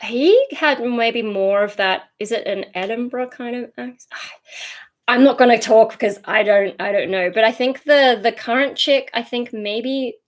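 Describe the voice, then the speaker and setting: Young Australian woman, livestream host, slightly high voice, chatty and wandering, casual. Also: unhurried. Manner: rambling, easily sidetracked, chatty; reads out and answers viewer comments.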